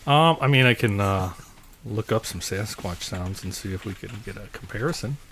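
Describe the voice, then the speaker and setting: A man's voice: lowish voice, lively intonation, moderate pace. Guy rambling on a podcast, laughs a lot, swingy voice, bit of hiss. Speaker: podcast co-host. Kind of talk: casual chat.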